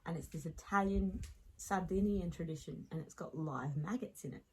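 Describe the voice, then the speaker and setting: An Australian woman in her late thirties tells a story in a podcast interview, animated and quick to laugh. Her voice sits low and carries a husky, breathy edge. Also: rough recording. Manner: lively anecdotal storyteller who laughs as she talks. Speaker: podcast guest.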